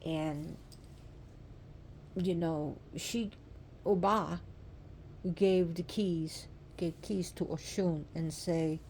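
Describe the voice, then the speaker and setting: Impassioned woman storyteller, lowish voice. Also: steady tone, drawn-out words, long pauses, a little mellow, slight background noise. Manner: impassioned, repetitive, asks the listener direct questions. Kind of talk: emotional oral storytelling of myth.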